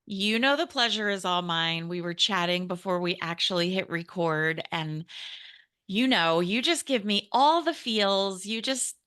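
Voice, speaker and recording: A woman's voice: medium pitch, measured pace, fairly bright tone, clear, resonant tone. A woman with a Southern US accent hosting an interview, talking in an effusive, gushing way. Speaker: podcast host. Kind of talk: casual interview chat.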